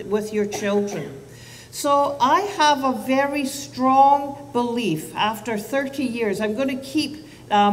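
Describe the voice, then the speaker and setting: A woman in her fifties, a child psychiatrist, giving a public talk to parents and teachers in a chatty, self-deprecating way with asides and restarts. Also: medium pitch. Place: event hall. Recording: distant mic, long hall reverb, faint noise.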